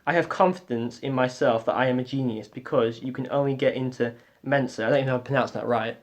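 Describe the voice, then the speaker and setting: A man's voice: medium pitch, fast talker. A teenage man with a Northern English accent co-hosting a casual podcast chat, hesitant and rambling with many restarts. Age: teens. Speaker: podcast co-host.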